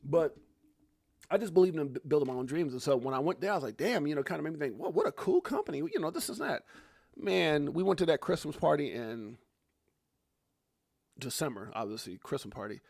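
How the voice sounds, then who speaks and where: A middle-aged man hosting a crypto livestream, excitable and hyped, jumping between loud outbursts and muttered asides. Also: fairly high pitch, brisk, gravelly, no echo, clean studio sound. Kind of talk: animated casual livestream commentary.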